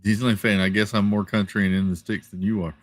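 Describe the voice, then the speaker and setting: A man hosting a casual live stream from home, reading viewer comments in a relaxed, chatty way with lots of fillers and repeated thank-yous. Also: lowish voice, fast, no room sound. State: tired, yawning. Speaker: livestream host. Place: home, rural area.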